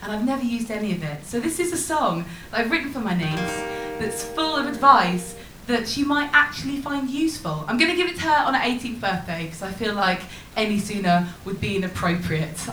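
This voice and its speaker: Bright, lively comedian. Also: female voice, on the high side, fairly quick, hardly any pauses, faint music behind. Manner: chatty, dry asides. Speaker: comedian and singer. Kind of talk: stand-up patter. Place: comedy stage with a live audience. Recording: echoey live room with faint noise.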